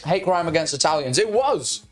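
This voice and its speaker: Animated young man telling stories. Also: a little high, normal speed, soft background music. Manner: animated, gets loud and yells when telling stories. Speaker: podcast co-host. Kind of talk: casual storytelling chat. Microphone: streaming microphone.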